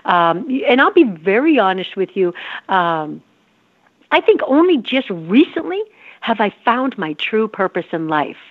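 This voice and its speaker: A woman's voice: medium pitch, sing-song, a little slow, dry recording. A woman in her fifties, a guest in an interview, talking earnestly and repeating herself for emphasis. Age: 50s. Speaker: guest author. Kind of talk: casual interview talk. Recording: phone-like line.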